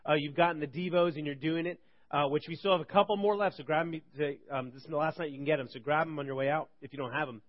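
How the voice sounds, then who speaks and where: A man in his thirties preaching to a church group, telling funny stories in an animated, rambling way. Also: a little high, fast. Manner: animated, joking, rambling with restarts. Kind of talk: humorous sermon storytelling. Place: church service. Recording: dull lo-fi recording.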